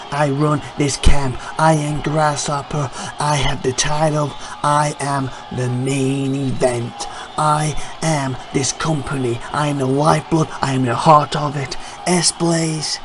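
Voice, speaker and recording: A man's voice: fairly high pitch, background noise. A man doing arrogant champ Grasshopper. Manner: brash, rhyming boasts, mocking.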